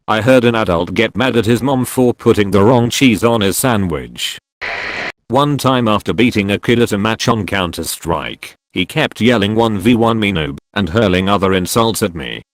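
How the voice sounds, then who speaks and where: A man reading out a series of short anecdotes as scripted narration, in a steady, even delivery that keeps quoted lines flat. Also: fairly low pitch, moderate pace. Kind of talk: scripted narration of online posts.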